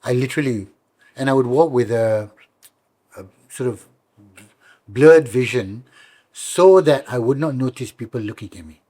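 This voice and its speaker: A middle-aged man with a Malaysian English accent, chatting as a comedian guest in an interview, telling stories lively and acting out the voices of people he quotes. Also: mid-range voice, moderate pace, pauses often, dry recording. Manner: animated storyteller, acts out quoted voices. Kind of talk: casual interview chat.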